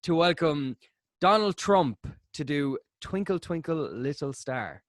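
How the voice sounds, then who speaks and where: A man's voice: on the high side, expressive, a little slow, no room sound. Upbeat male podcast host, dry sound. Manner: eager, encouraging. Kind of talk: casual podcast chat.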